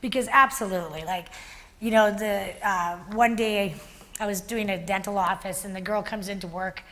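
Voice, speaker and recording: A woman leading a workplace workshop, explaining ideas and telling animated stories to a group in a meeting room. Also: medium pitch, moderate pace. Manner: animated storytelling with acted-out quotes. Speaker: workshop facilitator. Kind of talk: workshop teaching.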